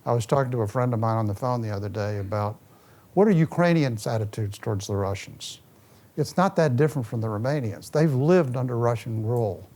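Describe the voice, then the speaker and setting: A man, a former ambassador, giving a public talk and answering questions, with lively storytelling and a restless manner. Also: medium pitch, fairly quick. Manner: animated storytelling, restless, moves around.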